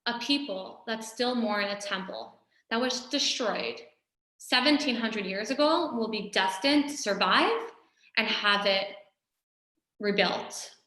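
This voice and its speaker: A woman's voice: medium pitch, lively intonation, slow pace, sharp tone. A woman voicing an imperious male emperor who fires off demanding questions in an echoey room. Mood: solemn.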